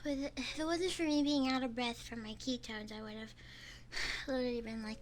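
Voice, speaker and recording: A young woman streamer chatting casually on a binaural microphone, excitable, laughing and swearing as she pleads with her chat. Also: fairly high pitch, a little fast, noisy background. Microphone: binaural ASMR microphone.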